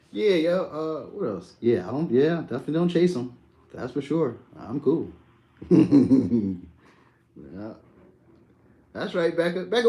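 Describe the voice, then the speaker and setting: A man's voice: medium pitch, darkish tone. Man, young adult, laid-back slangy talk, live-stream chat, answering viewers. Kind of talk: casual live chat reading comments.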